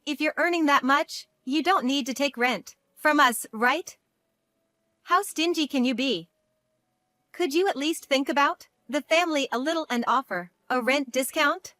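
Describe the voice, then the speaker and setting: A woman's voice: sits high, unhurried, fairly bright tone, no echo, studio quality. A woman reading a grasping sister-in-law. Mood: wheedling.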